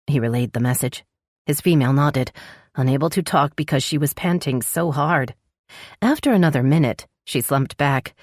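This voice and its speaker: A woman narrating a romance audiobook with a steady storytelling delivery. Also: low-pitched, moderate pace, dry recording, clean studio sound.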